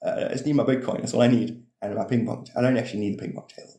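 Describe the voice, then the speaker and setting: A man's voice: medium pitch, rapid-fire, hardly any pauses, warm tone, roomy sound. A man rambling through casual livestream chat about spirituality, swearing freely and laughing often.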